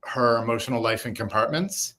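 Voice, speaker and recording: A man's voice: medium pitch, fairly quick, bright, forceful tone. A man guesting on an interview show, talking in a thoughtful, explanatory way. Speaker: author guest. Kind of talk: casual interview chat.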